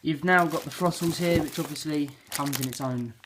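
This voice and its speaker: A man's voice: fairly high pitch, normal speed. Rambling young man unboxing. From England. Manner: rambling, self-deprecating, lots of fillers. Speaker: unboxing vlogger. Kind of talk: casual unboxing commentary. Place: home bedroom. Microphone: handheld camera mic. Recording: noisy home camera audio. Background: crinkling packaging and clicks.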